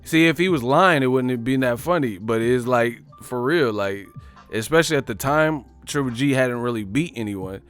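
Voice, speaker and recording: A man's voice: medium pitch, normal speed, a bit bright, smooth, soft background music. A man from the Bay Area hosting a livestream, riffing in casual, profane slang. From San Francisco Bay Area. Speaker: livestream host.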